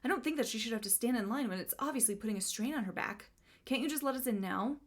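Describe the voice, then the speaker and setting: A woman's voice: on the high side, quick pace, natural voice. A woman reading the lines of a smug, scheming husband in a sarcastic, mock-indignant tone.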